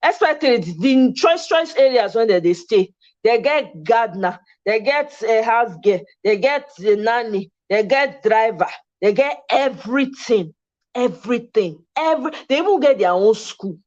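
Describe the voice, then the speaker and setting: A woman's voice: a little high, animated, a little slow, a little mellow, dull audio. A Nigerian woman hosting a casual livestream talk, speaking passionately and switching between English and Pidgin. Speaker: host.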